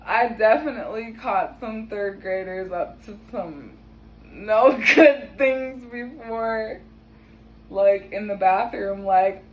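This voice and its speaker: A woman's voice: on the high side, low-quality recording. Chatty laughing young woman. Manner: chatty, laughs often, swears casually. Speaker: vlogger. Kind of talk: casual storytelling. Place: home kitchen.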